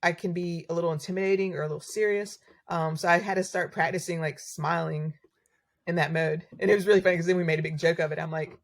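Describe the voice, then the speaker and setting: Lady fire chief chatting on a podcast, kinda gravelly, says like a lot. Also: fairly low pitch, steady tone, fast talker. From North Carolina. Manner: chatty, many fillers like "like". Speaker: battalion chief, guest. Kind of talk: casual conversation.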